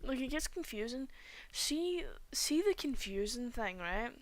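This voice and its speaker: Rambling woman, fairly high voice. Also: sing-song, a little slow, no echo. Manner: rambling, chatty, often trails off mid-sentence. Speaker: streamer. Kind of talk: casual chat while drawing. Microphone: cheap home microphone.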